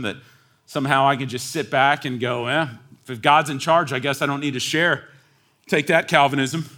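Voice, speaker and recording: A man preaching a sermon as pastor, moving between quiet, low asides and loud, high, near-shouted emphasis. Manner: animated preaching, swings from hushed to near-shouting.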